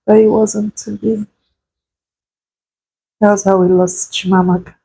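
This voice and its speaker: A woman in her thirties telling a painful personal story, slow and halting, tearful at times. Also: medium pitch, level tone, dark tone, slightly rough, poor audio. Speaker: vlogger sharing a personal story.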